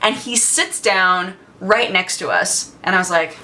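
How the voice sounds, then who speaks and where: A woman vlogger recounts a story in a loose, chatty way, full of fillers and quick laughs. Her voice has a bright, sharp edge. She keeps the telling casual and lively. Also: medium pitch.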